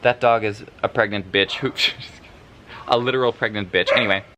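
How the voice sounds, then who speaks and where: Recorded muffled and very noisy, a man with a lowish voice and moderate pace chats in a book vlog. Sleep-deprived, he rambles, swears, and reacts animatedly to his reading.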